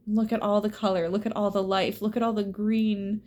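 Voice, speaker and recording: A woman's voice: medium pitch, flat delivery, moderate pace, hardly any pauses. Emphatic swearing woman reading tarot. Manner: emphatic, swearing, shifts into soft whispers. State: teary at times. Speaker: tarot reader.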